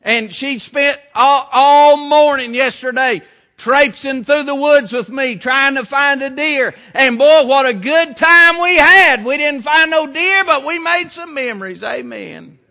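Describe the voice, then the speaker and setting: A middle-aged pastor preaches in a folksy, homespun manner, circling back to his key phrases. His voice sits unusually high for a man, with a bright, forceful edge. The delivery is relaxed yet earnest, like a preacher talking straight to his own congregation. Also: measured pace, gravelly. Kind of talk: sermon.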